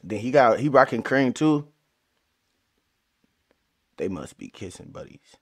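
A man commentating live gameplay on his channel, full of slangy trash talk, swinging from low mutters to excited yelling. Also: a little slow. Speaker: gaming channel host.

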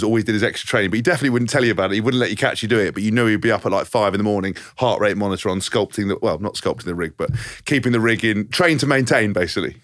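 A man's voice: lowish voice, fairly bright tone. A man co-hosting a podcast, rambling through jokey anecdotes and laughing as he goes. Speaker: podcast co-host. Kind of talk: casual storytelling chat.

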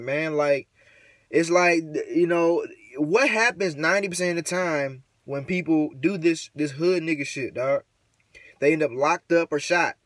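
Frustrated male vlogger, slightly high voice, dry room, rambling slangy delivery. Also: a bit bright, dry recording. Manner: rambling, slangy, many fillers; frustrated, preachy. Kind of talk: casual rant to camera.

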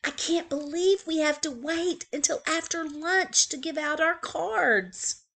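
A woman voicing a young boy turtle in a storybook, eager and easily upset, speaking in a high, earnest, childlike way. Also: slow pace, creaky, fairly bright tone, heavily acted.

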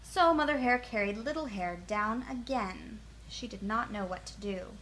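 A woman gently reading a children's picture book aloud in a soothing bedtime manner. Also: mid-range voice, normal speed, a little hiss or hum, rough recording. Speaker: storyteller.

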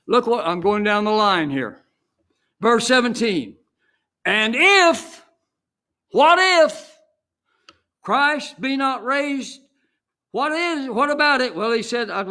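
A middle-aged senior pastor preaching an emphatic sermon, building to exclamations and punctuating points with "Amen.". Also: male voice, high-pitched, a bit bright.

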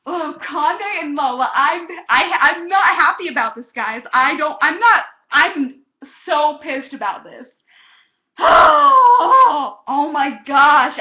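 A young woman vlogging a heated, exasperated TV episode review, cursing when she gets passionate. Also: high voice. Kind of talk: casual ranting review. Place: home, on a couch. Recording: dull lo-fi home recording.

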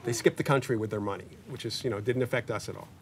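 Chatty man in his sixties, off-mic. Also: racing. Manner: chatty, anecdotal, joking asides. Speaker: paranormal investigator guest. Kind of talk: interview conversation. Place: community media studio. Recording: distant mic with faint rumble.

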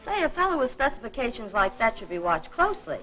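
A woman's voice: a little high, sing-song, quick pace, bright, forceful tone, faint music behind. An actress playing a chatty, wisecracking young woman neighbor in a 1940s film, full of slang. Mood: breezy. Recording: dull old film soundtrack.

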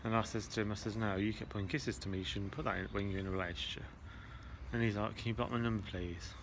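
On an outdoor railway station platform, a vlogger with an English accent vents casually to camera, aggrieved and repetitive as he tells his story. His voice is fairly low with little pitch movement and comes fast, over noisy station ambience.

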